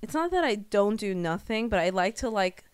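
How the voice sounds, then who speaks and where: A young woman co-hosting a podcast in casual chat, talkative and quick to laugh, with lots of filler words. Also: medium pitch, very animated, smooth, dry recording. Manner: chatty, laughs often, lots of "like". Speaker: podcast co-host, hairstylist.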